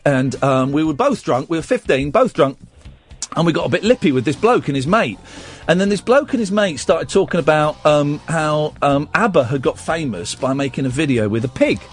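A middle-aged man hosting a casual radio show, telling stories in a chatty, rambling way. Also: a little high. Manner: chatty storyteller, breaks into loud sung snatches. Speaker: radio host. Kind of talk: casual late-night radio chat.

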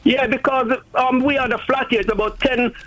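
A man phones in to a radio show and tells his story in a high voice. He halts often, filling gaps with ums and repeated words. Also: steady tone, a crowd in the background, low-quality recording. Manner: hesitant, halting, many ums. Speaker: caller. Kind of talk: phone-in call, telling a story.

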